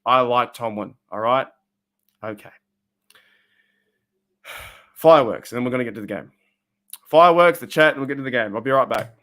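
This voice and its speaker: An Australian man streaming from his room, ranting bluntly about his team, his voice rising loud and dropping to a mutter. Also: medium pitch, normal speed, long pauses. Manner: fired-up, blunt, swings between loud and muttered. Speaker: sports fan streamer. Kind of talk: emotional live-stream rant.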